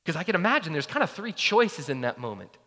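A man's voice: fairly high pitch, big pitch swings, fast, sharp tone. Man preaching casually in a reverberant hall. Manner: casual, conversational preaching with many fillers. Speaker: pastor. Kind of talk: sermon.

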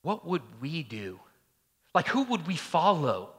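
A man's voice: a little high, wildly swooping pitch, unhurried, a bit bright, husky, in a large hall. A man preaching a sermon as pastor in a casual, conversational way, full of fillers like "like" and "right?", recorded in a church.

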